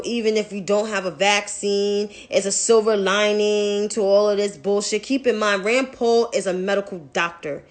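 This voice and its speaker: A young woman giving blunt, profane, exasperated commentary in a casual vlog. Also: medium pitch. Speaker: political commentator.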